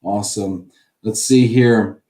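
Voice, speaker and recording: Laid-back guy hosting a live show, warm dark tone, roomy echo, reads out chat questions. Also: on the low side, fairly even intonation, slow. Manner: upbeat, reads out viewer questions. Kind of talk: casual live-stream chat. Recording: echoey room.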